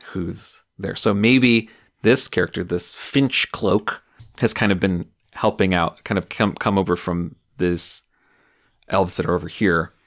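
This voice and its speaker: Male game master, very low gravelly voice, loose musing narration. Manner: musing, loose, many fillers like "like". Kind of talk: narrating a solo tabletop game.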